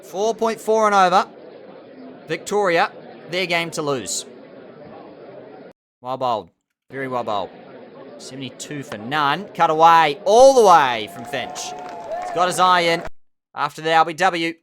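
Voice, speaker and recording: Excitable man commentating a game. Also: a little high, unhurried, long pauses, a little hiss or hum. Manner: excitable, animated play-by-play with outbursts of indignation. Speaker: gaming channel host. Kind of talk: commentary over a cricket management game.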